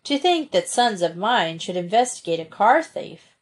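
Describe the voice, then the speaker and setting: A genial middle-aged detective father, read aloud by a woman, teasing his sons with good-natured mock solemnity. The tone stays at a middle pitch, plain and unforced. The feel is of a storybook read-aloud. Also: sing-song, moderate pace, natural voice. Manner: teasing, amiable banter.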